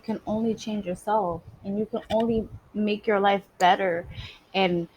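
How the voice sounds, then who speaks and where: A woman's voice: mid-range voice, fairly even intonation, unhurried, a little mellow, slightly rough, rough recording. Emphatic streetwise woman. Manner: emphatic, streetwise, swears freely. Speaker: spiritual vlogger. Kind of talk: casual spoken monologue.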